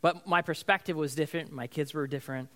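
A man's voice: fairly high pitch, fairly even intonation, quick pace, a bit bright. A man in his thirties, a pastor, preaching in a conversational storytelling way and often asking his listeners "right?". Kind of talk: sermon.

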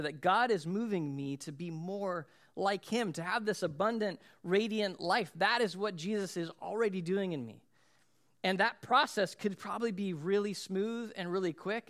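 A man in his thirties, a pastor preaching a sermon in a chatty, self-deprecating way, telling stories about his kids with quick laughs. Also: fairly high pitch.

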